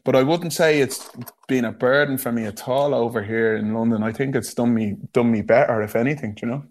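A young man with a Dublin Irish accent chatting casually on a podcast. He talks quickly and keeps asking "do you know what I mean". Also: mid-range voice. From Ireland. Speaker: guest.

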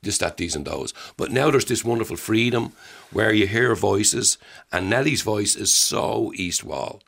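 A man's voice: on the low side, animated, unhurried, vocal fry, a bit bright. A man, a playwright talking about his play in a discursive, enthusiastic way. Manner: enthusiastic, discursive, repeats words when starting. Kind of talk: conversational interview.

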